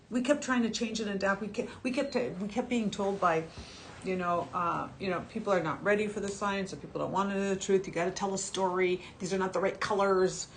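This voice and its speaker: A woman in her sixties chatting through a skincare livestream, warmly direct and emotional with her viewers. Her pitch sits in an ordinary middle range. A faint hum of background noise runs under the recording. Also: fairly even intonation, fairly quick. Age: 60s. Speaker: shopping channel skincare brand presenter. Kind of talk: casual livestream sales chat.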